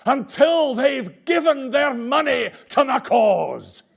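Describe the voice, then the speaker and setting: A man putting on a Scottish accent to voice a desperate philanthropist who kneels and loudly begs the Lord for donations. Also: very animated, slow pace, gravelly, husky, exaggerated voice. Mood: pleading. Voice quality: loud, shouted, high-pitched prayer. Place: conference room with an audience.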